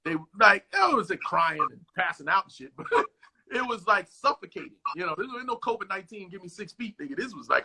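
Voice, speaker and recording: A man guest in a casual interview, telling stories in a profane, animated way and acting out what others said, over a phone video call. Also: sits high, a little fast, gravelly, slight background noise. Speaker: actor guest.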